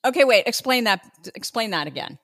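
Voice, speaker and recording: A woman hosts a podcast interview in a fairly high, lively voice that rises and falls a lot. She laughs often and jumps in with eager follow-up questions. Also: a little fast. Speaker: podcast host.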